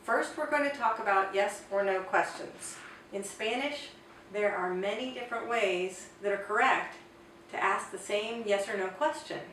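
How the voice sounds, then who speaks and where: A woman explaining grammar in an online language lesson, slowing down carefully to model example sentences. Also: medium pitch, a bit bright. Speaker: Spanish teacher. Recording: echoey room, distant mic, faint noise.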